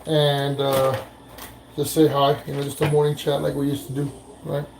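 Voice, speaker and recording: A man's voice: a little high, monotone, moderate pace, gravelly, darkish tone. Male vlogger, rambling casual chat over cooking, noisy kitchen. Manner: rambling, many fillers and restarts. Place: home kitchen. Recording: noisy room ambience.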